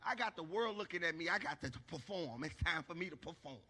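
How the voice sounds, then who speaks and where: Bright, high-voiced man doing stand-up. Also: fast, in a large hall. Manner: animated, acts out shouts, asks the crowd for agreement. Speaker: stand-up comedian. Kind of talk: stand-up storytelling. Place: church stage.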